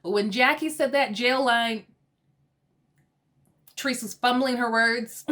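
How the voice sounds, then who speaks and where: A woman's voice: a little high, slow pace, pauses often, bright, forceful tone. A woman casually recapping a reality TV episode, chatty and laughing often as she acts out the quotes. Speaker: TV recap host.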